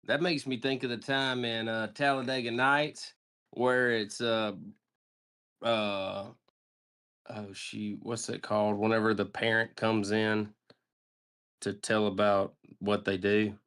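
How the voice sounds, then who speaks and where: A man's voice: lowish voice, level tone, slow, a bit bright, smooth. A man in casual chat, joking in a folksy manner and retelling scenes.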